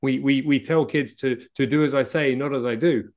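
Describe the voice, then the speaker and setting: Male interview host who talks fast and keeps affirming the guest, summing up with tag questions, in a mid-pitched, gravelly voice. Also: steady tone. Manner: affirming, sums up points with rhetorical tags. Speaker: podcast host. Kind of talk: casual interview chat.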